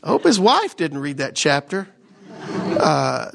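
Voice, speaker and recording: Gravelly man teaching scripture. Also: fairly high pitch, wildly swooping pitch, takes it slowly, a bit bright. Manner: conversational, keeps asking "right?". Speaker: Bible teacher. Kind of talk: casual sermon.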